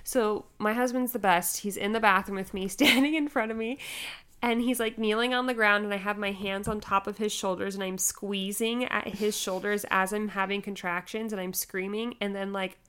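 A young adult woman co-hosting a podcast, telling a candid story in a casual, animated way. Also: medium pitch, moderate pace, clear, resonant tone. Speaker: podcast co-host. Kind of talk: casual chat.

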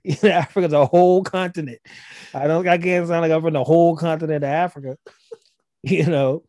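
A man's voice: on the high side, fairly even intonation, a little fast, darkish tone, no room sound, clean studio sound. A man with a Gullah Geechee accent, talking as a guest and explaining his language in a loose, conversational way with frequent restarts. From South Carolina. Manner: loose, repetitive restarts, acts out quoted voices.

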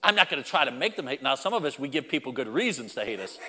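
A man's voice: mid-range voice, very animated, fast talker, pushed and bright, husky, big-room sound. A man preaching a sermon as pastor, emphatic and repetitive, speaking directly to the congregation.

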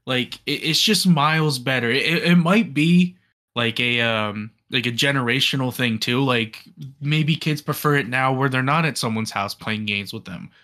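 A man's voice: medium pitch, normal speed, bright, forceful tone. A man in his late twenties chatting casually on a podcast, enthusiastic and full of fillers and restarts. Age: 20s. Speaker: podcast co-host. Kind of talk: casual chat.

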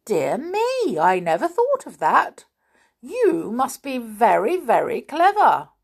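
A woman voicing a simple-minded male creature chief who grumbles and sounds slow and puzzled. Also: medium pitch, big pitch swings, exaggerated voice.

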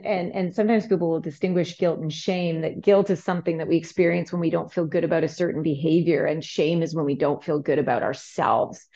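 A middle-aged woman speaking as a therapist guest on a podcast, explaining earnestly and growing animated when telling stories. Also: on the low side, muffled recording. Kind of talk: podcast interview.

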